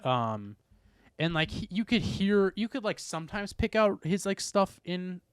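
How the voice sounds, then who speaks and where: A young man chats on a podcast and loses his thread as he goes. His voice is smooth and resonant, and the recording is close and dry. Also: high-pitched, big pitch swings, measured pace, dry recording. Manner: rambling, heavy use of "like". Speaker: podcast co-host. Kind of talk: casual chat.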